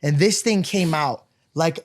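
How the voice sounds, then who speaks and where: Male co-host, high-pitched, rambling and excitable, swears freely, casual studio chat. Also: measured pace. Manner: excitable, profane, laughing storyteller. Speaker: podcast co-host. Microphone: studio podcast mic.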